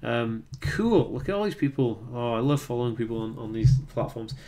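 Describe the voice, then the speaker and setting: A man's voice: medium pitch, animated, moderate pace, dark tone. A young man from North Wales with a Welsh accent, hosting a casual livestream, reading viewer comments aloud and answering them with fillers and restarts. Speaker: livestream host reading chat.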